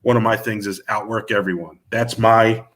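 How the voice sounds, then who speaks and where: Rambling low-voiced man in an interview. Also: steady tone, brisk, a bit bright. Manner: rambling, many restarts and fillers. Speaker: music manager and producer guest. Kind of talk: casual interview conversation.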